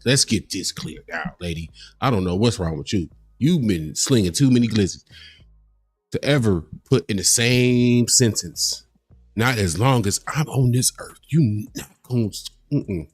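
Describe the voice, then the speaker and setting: A man hosting a reaction livestream, ranting in casual, profane commentary with lively, heated emphasis. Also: lowish voice, dry recording.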